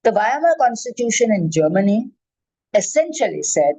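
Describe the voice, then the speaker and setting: An older woman, a former judge giving an emphatic, measured lecture as a guest speaker. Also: mid-range voice, lively intonation, mellow, no room sound, low-quality recording. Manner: measured, emphatic, enumerating points.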